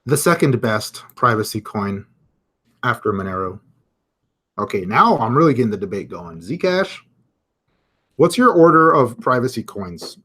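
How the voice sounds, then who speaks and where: A man hosting a live crypto market stream, giving casual chart commentary, chatty and thinking out loud as he reads viewer comments. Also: medium pitch, big pitch swings, measured pace, pauses often, breathy edge.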